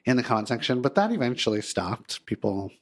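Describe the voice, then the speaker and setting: A man's voice: mid-range voice, a little fast. A man in his forties hosting a podcast, chatting casually and animatedly, acting out the voices of people in his stories. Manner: animated, acts out quoted voices. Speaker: podcast host, therapist. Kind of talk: casual storytelling chat.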